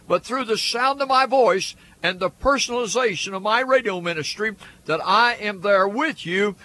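A man's voice: high-pitched, bright, forceful tone. A man preaching a radio sermon, earnest and building through repeated phrases. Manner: earnest, repetitive preaching cadence.

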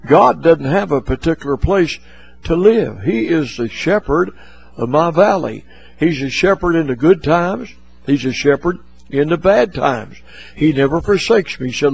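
A preacher delivers a folksy sermon with a gravelly, husky voice. He speaks a little high for a man and often repeats his words. The sound is close and dry. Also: lively intonation, moderate pace, no echo, low-quality recording.

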